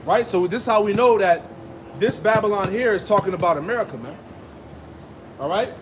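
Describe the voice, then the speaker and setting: A man's voice: high-pitched, a little fast, a little hiss or hum. A man preaching a street sermon, reading scripture and adding emphatic asides with rhetorical "right?" and "man.".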